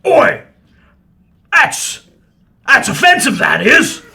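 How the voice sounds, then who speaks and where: A man's voice: high voice, expressive, unhurried, creaky, bright, forceful tone, slightly rough, pitched above the performer's own voice, heavily acted. A man voicing a large, refined troll who takes offense easily and speaks in an indignant, mock-offended manner.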